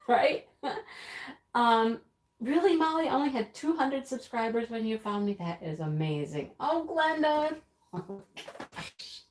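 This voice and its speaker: A woman's voice: fairly high pitch, lively intonation, a little slow, long pauses, a little mellow. A woman hosting a casual live stream, chatting, laughing often and reading out viewer comments. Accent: American. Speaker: livestream host. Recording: roomy echo.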